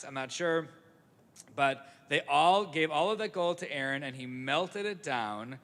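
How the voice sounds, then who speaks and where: Brief: playful male storyteller at a service, slightly high, reverberant hall. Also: fairly bright tone. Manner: playful, jokey asides. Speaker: service leader. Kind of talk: storytelling to a congregation. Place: synagogue sanctuary. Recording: echoey sanctuary, live broadcast.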